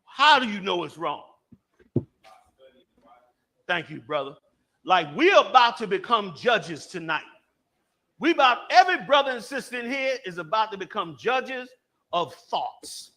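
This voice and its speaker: A man leads a religious class, his voice sitting high and swinging widely. He presses points by repeating phrases, then throws questions out to the listeners and calls on them. The tone is bright and cutting. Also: very animated, measured pace, pauses often. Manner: emphatic, repeats key phrases. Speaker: religious teacher. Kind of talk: teaching a class.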